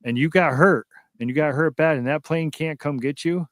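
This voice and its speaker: A man's voice: on the high side, normal speed, dry recording, clean studio sound. A man on a radio show talking casually, emphatic and repeating words to drive his point home. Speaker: guest.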